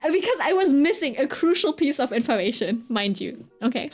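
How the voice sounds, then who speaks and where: A woman with a high, sing-song voice speaks at a moderate pace over soft background music. She's a streamer chatting while she draws, telling a story in a loose, rambling way that's packed with fillers and constant "right?" check-ins.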